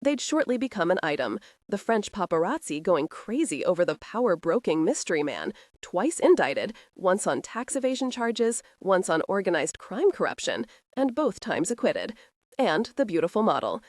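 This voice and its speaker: A woman narrating a romantic thriller audiobook with expressive storytelling. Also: medium pitch, moderate pace, dry recording, studio quality.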